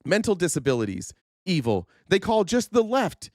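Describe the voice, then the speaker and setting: A man's voice: high voice, sing-song, moderate pace, a little mellow, dry recording, clean studio sound. A man hosting a political commentary livestream, earnest and indignant, stumbling over restarts and losing his voice. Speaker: host.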